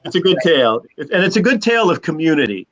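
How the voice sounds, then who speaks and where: A man's voice: fairly high pitch, sing-song, fast, a bit bright. A man who directs a theater, speaking as an interview guest and telling stories about it.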